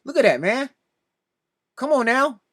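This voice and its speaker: Man, high and sharp-toned, casual reaction commentary, exasperated and repetitive. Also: sing-song, measured pace. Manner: exasperated, repeatedly pleading "come on now"; addresses another commentator directly. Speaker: sports reaction video host.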